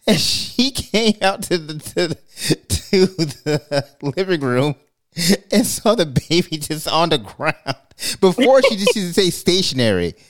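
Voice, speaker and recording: A man's voice: on the high side, sing-song, a little slow. A man co-hosting a podcast, chatting casually and telling a story with laughs and acted-out quotes. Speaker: podcast co-host. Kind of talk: casual chat.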